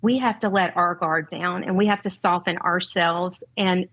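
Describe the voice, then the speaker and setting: A woman's voice: fairly low pitch, steady tone, moderate pace, fairly bright tone, poor audio. A middle-aged woman with a Southern US accent, speaking earnestly and from the heart as a guest on a podcast. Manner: earnest, heartfelt, faith-centered. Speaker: guest, parent and educator. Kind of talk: podcast conversation.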